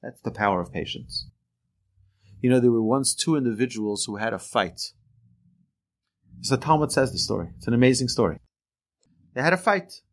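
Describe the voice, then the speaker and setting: A man teaching a religious lesson through earnest, animated storytelling. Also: medium pitch, normal speed, pauses often.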